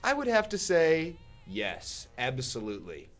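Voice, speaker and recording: Male guest, mid-pitch, smug boasting satire, faint music under. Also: wildly swooping pitch, a little slow. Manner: smug, self-satisfied boasting. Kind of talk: satirical in-character comedy.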